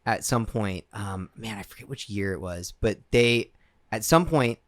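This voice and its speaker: A man's voice: on the low side, measured pace, no room sound, clean studio sound. A man co-hosting a casual podcast, telling a story in a rambling way with many fillers and restarts. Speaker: podcast co-host. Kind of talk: casual chat.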